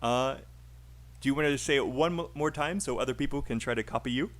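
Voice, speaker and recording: A man's voice: medium pitch, fairly quick. A man teaching a live online English speaking class, encouraging and laughing often.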